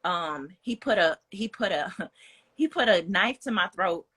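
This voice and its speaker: A woman's voice: mid-range voice, expressive, a little slow, a bit bright, breathy edge. A young woman, speaking as a guest in a candid, personal storytelling style, earnest and frank, with plenty of "like" and "you know".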